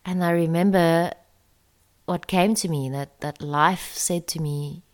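A woman with a low, deep-set voice tells a personal story. Her delivery is confessional and soft, often sinking close to a whisper. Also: steady tone, a little slow.

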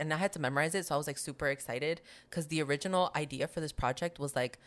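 A woman's voice: low-pitched, racing, hardly any pauses. A young woman co-hosting a casual podcast, telling stories animatedly, acting out other people's voices and laughing often. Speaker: podcast co-host. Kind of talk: casual chat.

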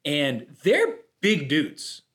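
Animated man telling a story. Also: fairly high pitch, extremely slow. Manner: animated storyteller, slips into put-on voices. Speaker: podcast co-host. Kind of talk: casual chat.

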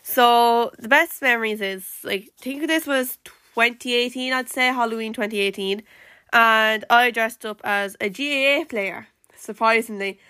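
Bright-voiced chatty Irish woman. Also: on the high side, normal speed, clear, resonant tone, no echo, studio quality. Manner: rambling, full of "like" fillers and restarts. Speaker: podcast host. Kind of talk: casual live-stream podcast chat.

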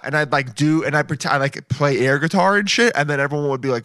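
A man's voice: on the high side, fast, hardly any pauses, fairly bright tone, clean tone, no room sound, clean studio sound. A man hosting a comedy podcast, rambling through goofy, self-mocking bits in a casual monologue.

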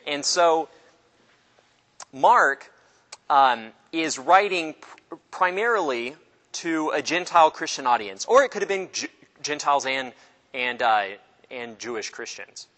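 A man leads an informal Bible study in a large hall, and the room's long echo trails after each phrase. His voice is fairly high and bright. He keeps it lively, joking with the class and acting out the people in the stories. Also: unhurried, pauses often. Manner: animated, jokey, acts out voices of people in the story.

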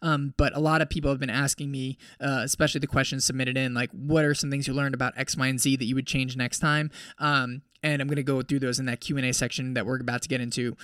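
A man's voice: medium pitch, fast talker, few pauses, no room sound, clean studio sound. A young man casually retelling his ultramarathon finish as a podcast host, with lots of "like" and quoted dialogue. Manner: animated, heavy use of "like". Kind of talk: casual storytelling recap.

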